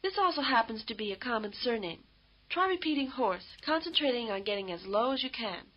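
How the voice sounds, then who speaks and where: A fairly high-voiced woman reading scripted lesson instructions in a measured, explanatory way. The sound is dull and lo-fi, like old course audio. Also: lively intonation, slightly rough. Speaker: language course narrator.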